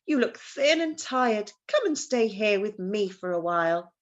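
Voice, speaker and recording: A woman's voice: mid-range voice, very animated, unhurried, muffled recording. A woman voicing a kind, motherly old woman in a storybook, speaking in a soothing, coaxing way.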